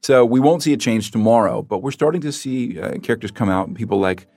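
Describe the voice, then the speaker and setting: An American man answering interview questions as a guest expert, in a measured, explanatory way with small self-corrections. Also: mid-range voice, darkish tone, dry recording. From United States.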